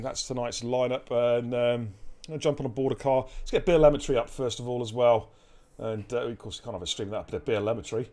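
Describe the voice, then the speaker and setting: A man's voice: medium pitch, a little fast, a little mellow. A man hosting live sim racing commentary, chatty and upbeat, talking straight to his chat. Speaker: race commentator and stream host.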